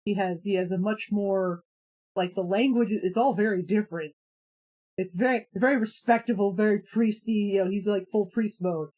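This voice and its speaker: A woman's voice: mid-range voice, moderate pace, a little mellow. Giggly, rambling woman streamer. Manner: rambling, laughs often, many fillers. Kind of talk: casual live-stream chat.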